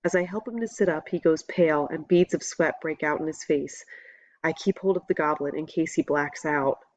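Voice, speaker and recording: A woman with a low voice narrates a novel as a first-person audiobook, keeping a steady, measured storytelling tone. The audio is dull, with no room sound.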